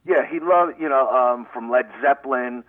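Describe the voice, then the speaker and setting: A man's voice: mid-range voice, moderate pace, no room sound. Brash Brooklyn man on a phone line. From Brooklyn, New York. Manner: brash, rambling, profane. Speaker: guest comedian. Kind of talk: phone-in radio interview. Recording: tinny phone line, dry.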